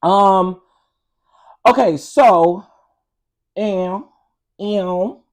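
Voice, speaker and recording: A man's voice: high-pitched, drawn-out words. A man hosting an online commentary show, ranting emphatically and sassily. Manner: loud, emphatic, sassy.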